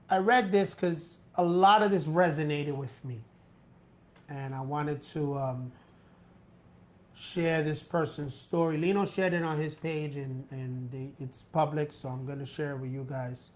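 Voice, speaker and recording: Man, live-stream host, casual, reads aloud with emphasis, fairly high voice. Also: a little slow. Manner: relaxed and loose, reads a post aloud with emphasis.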